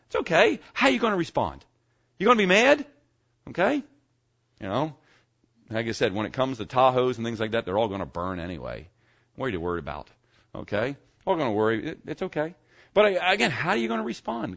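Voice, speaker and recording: A man's voice: mid-range voice, sing-song, quick pace, fairly bright tone, dull audio. A middle-aged man preaching a conversational sermon as a pastor, often checking in with his listeners. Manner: folksy, conversational preaching with frequent "okay?" check-ins.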